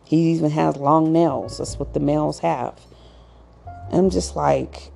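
A woman's voice: low-pitched, steady tone, slow, gravelly, dark tone, faint music behind. A woman talking casually to viewers in a rambling, chatty monologue with acted asides and frequent restarts. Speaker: pet owner giving advice.

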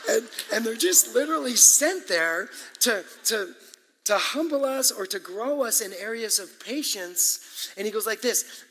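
A man preaching a sermon as pastor, animated and emphatic, with asides and quick laughs. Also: high voice. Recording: echoey hall with long reverb.

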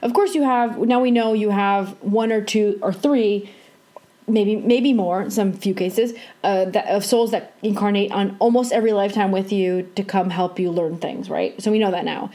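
A woman co-hosting a podcast in casual chat, bubbly and laughing often. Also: warm tone. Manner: laughs often, bubbly, quick pitch jumps. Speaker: podcast co-host.

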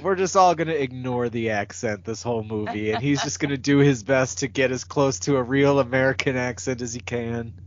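Male podcast co-host, hesitant and profane, medium pitch, dry dull recording. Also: a little fast, few pauses. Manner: rambling, hesitant, swears freely. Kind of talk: casual chat. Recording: muffled, dry audio.

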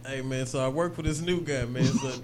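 A man's voice: mid-range voice, fairly even intonation, a little fast, a little mellow, a little hiss or hum. A young man co-hosting a podcast, telling a rambling story in casual chat and laughing often. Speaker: podcast co-host.

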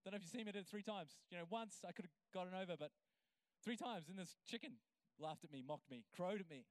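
A man, a pastor, preaching a sermon with energy that builds toward near-shouting and acting out prayers in his own voice. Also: high voice, brisk, no room sound. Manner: acts out prayers and quotes in voice.

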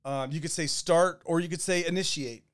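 Smooth-voiced man rambling on a podcast. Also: on the high side, moderate pace. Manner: rambling, relaxed, with many fillers. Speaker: podcast co-host. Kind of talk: casual podcast chat.

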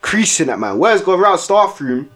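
A young man co-hosting a casual podcast tells stories in heavy slang, laughing often and tagging lines with "innit." His voice is high-pitched and fairly bright, with big pitch swings and a moderate pace, and faint music plays behind him.

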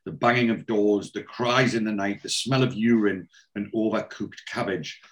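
A man's voice: on the low side, fairly even intonation, moderate pace, lightly acted. A man voicing a self-pitying disgraced author who reads theatrically from his own book. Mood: mournful.

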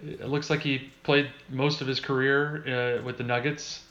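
A man's voice: medium pitch, level tone, moderate pace, a bit bright. Man reading sports stats, echoey lo-fi. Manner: reads out stats, chuckles often. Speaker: podcast host. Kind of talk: casual sports chat. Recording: roomy, dull lo-fi sound.

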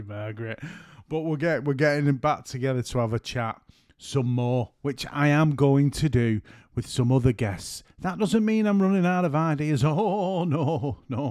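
A middle-aged podcast host and photographer talks at normal speed in a mid-range, slightly mellow voice. Recording alone at home after work, he rambles and jokes, keeps breaking off mid-sentence, and the recording is dry and studio quality.

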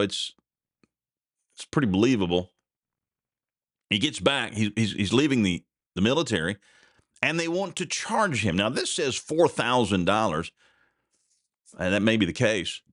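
A man's voice: on the low side, lively intonation, moderate pace, long pauses, fairly bright tone, no echo, studio quality. A man hosting a solo commentary podcast, rambling and indignant, his voice jumping up sharply when he gets outraged. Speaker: podcast host. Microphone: desk mic with a censor button.

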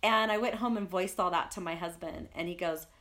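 A woman's voice: lowish voice, a little fast, fairly bright tone. A young woman co-hosting a podcast, talking earnestly and reflectively about personal fears in a casual chat. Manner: earnest, reflective, speaks of spirit and purpose. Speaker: podcast co-host.

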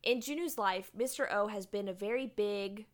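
This woman, speaking at a normal speed in a mid-range voice, is a podcast co-host chatting casually about a drama. She sums up the episodes animatedly and laughs a lot.

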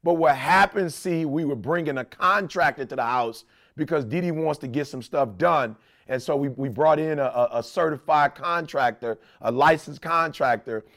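A podcast co-host with a high, gravelly voice chats casually at a normal speed. He tells stories with real animation, acting out the voices of the people he quotes.

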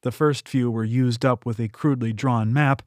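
A man reading a novel aloud in steady, scripted audiobook narration on a close mic. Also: medium pitch, moderate pace, no room sound. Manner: steady storytelling delivery.

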